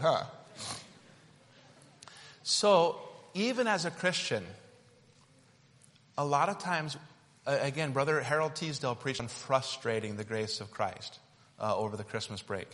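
Playful preacher in an echoing hall. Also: male voice, medium pitch, expressive, a little slow, pauses often, a bit bright. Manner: conversational, playful, demonstrative. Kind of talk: sermon with object lesson.

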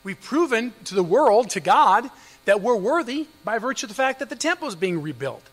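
A male pastor delivering a fervent sermon in a high-pitched, sharp voice. He hammers on rhetorical questions, dips into soft, hushed stretches, and then rises to forceful emphasis. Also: sing-song, a little fast, big-room sound, faint music behind, poor audio. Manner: swings between loud emphasis and low hushed passages.

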